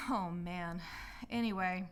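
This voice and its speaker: A woman sharing a personal story in a candid, reflective monologue, speaking loosely with many fillers and openly apologizing for past mistakes. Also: on the low side. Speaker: healing arts practitioner hosting a personal podcast.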